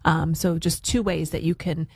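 A woman's voice: sits low, steady tone, normal speed, darkish tone, breathy edge, dry recording. A woman co-hosting a live radio show, reading community announcements in a conversational way. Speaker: radio news anchor and co-host. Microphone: studio microphone.

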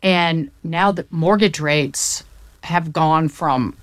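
An economics commentator from the Southern United States talks through the economy in casual chat, cramming in figures and often restarting mid-sentence. Her voice sits low and slow, with no room sound.

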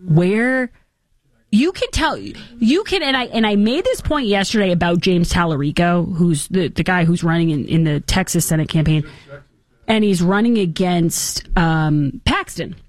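A woman in her thirties hosting an opinionated talk show, animated and mocking in her delivery. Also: fairly low pitch, measured pace. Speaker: host.

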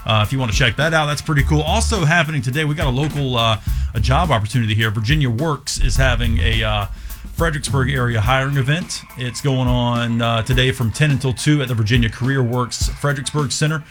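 A man's voice: medium pitch, fast, soft background music. A man hosting a radio show in a studio, casually running through local events with lots of fillers. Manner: relaxed, loose, lots of fillers.

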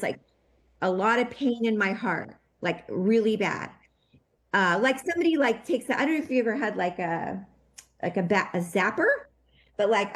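Shaky with feeling, a woman recounts something personal during an interview in a mid-range voice. She speaks haltingly, starting over again and again.

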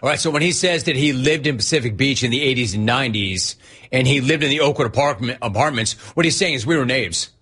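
A male talk radio host with a husky edge to his voice, talking at an ordinary pitch for a man. He riffs on his callers with energy and playful exasperation. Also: fast. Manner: energetic, riffing, mock-exasperated.

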